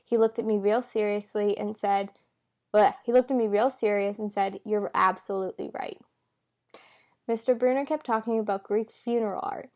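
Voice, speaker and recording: A woman's voice: medium pitch, steady tone, normal speed, darkish tone. Woman casually reading a novel aloud. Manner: stumbles and corrects herself with asides; reads character lines in her own voice. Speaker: amateur reader.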